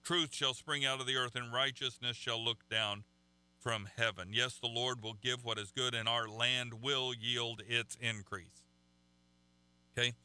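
A man preaching a sermon in a halting, conversational way, often repeating words as he goes. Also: mid-range voice, sharp tone, dry recording.

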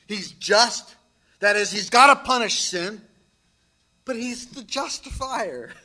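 A man's voice: high-pitched, lively intonation, slow pace, noisy background. A man preaching a sermon, emphatic, with dramatic drops to near whispers. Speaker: pastor.

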